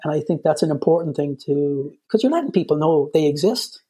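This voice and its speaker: An Irish man chatting in a relaxed, loose way, his talk full of "you know" and half-finished starts. His voice is mellow and a little husky. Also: a little high, brisk. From Ireland. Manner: rambling, peppered with "you know". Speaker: guest. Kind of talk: casual chat.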